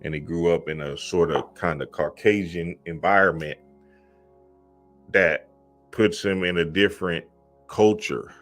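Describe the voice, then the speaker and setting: A man's voice: deep voice, steady tone, a little slow, pauses often, fairly bright tone, faint music behind. A man talking in a casual, emphatic monologue, often asking "you feel me" and acting out quoted voices. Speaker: spiritual content creator.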